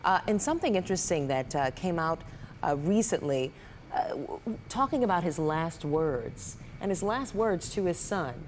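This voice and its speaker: A woman's voice: fairly low pitch, expressive, moderate pace, darkish tone, big-room sound, slight background noise. A female news anchor giving live commentary, with a hesitant delivery full of fillers.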